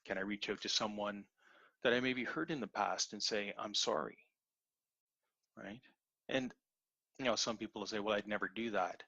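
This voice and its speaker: A man's voice: fairly low pitch, normal speed, creaky, long pauses, pushed and bright, no room sound, lo-fi sound. A man giving an earnest, repetitive motivational talk in an online webinar. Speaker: webinar presenter.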